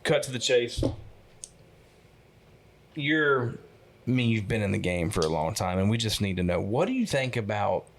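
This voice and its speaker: A man's voice: lowish voice, big pitch swings, normal speed, long pauses. An American man hosting a podcast, upbeat and joking in casual chat. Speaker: podcast host.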